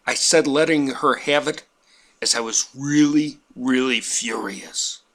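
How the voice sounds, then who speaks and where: A man's voice: mid-range voice, slow, sharp tone. A man telling a comic personal story in a wry, self-mocking, exaggerated way. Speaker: painting instructor telling a family story.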